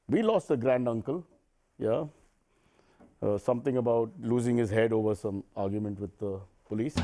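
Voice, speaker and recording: A fairly high voice from a man, hosting a comic news show on a TV studio set. His pitch leaps about, and he drops wry, deadpan asides between the headlines. A clear hiss and some clicks sit under the voice. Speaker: satirical news anchor.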